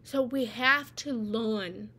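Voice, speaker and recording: Higher-voiced woman teaching, conversational. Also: takes it slowly, pushed and bright, husky. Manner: conversational, tags lines with "right?". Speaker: meditation and spiritual teacher. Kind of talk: live guided talk on feelings.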